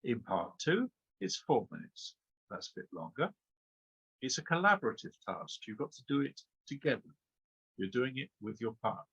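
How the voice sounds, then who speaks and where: Husky-voiced man giving exam tips. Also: mid-range voice, very animated, moderate pace, fairly bright tone, highs cut off. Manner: emphatic, rhetorical questions, frequent "okay?". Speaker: exam trainer. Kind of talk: webinar lecture.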